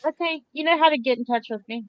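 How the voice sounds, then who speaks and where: Woman, folksy animated storytelling, higher voice, dull dry remote audio. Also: quick pace, no room sound. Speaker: guest on a live stream. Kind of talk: casual storytelling chat.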